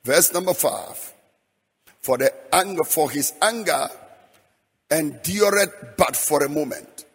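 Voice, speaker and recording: A man's voice: fairly high pitch, animated, takes it slowly, long pauses, fairly bright tone, husky. Preaching man in a reverberant hall. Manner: rhythmic preaching, breaking into sung phrases. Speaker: pastor. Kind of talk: sermon. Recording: long hall reverb, faint music behind.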